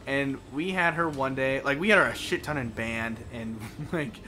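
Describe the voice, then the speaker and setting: A man's voice: mid-range voice, animated, normal speed, sharp tone, slight background noise. A young man casually commentating a video game as host, swearing often and laughing and yelping at what happens on screen. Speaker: let's play host.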